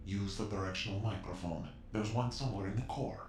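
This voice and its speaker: Brief: male actor as a secretive, commanding contact, low and measured, in echoey game audio. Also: slight background noise, natural voice. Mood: instructive. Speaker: mysterious informant in a video game.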